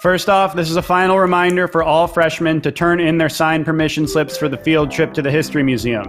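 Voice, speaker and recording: A man voicing a cheery high school principal reading morning announcements in an announcer-like manner. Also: steady tone, brisk, music in the background, close to an everyday voice. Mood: upbeat. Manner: announcer-like, upbeat.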